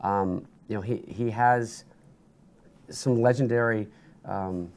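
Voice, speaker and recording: A man talking as a guest in a studio interview, telling animated stories with lots of restarts and bursts of energy. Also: lowish voice, slow. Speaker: interview guest, sports broadcaster.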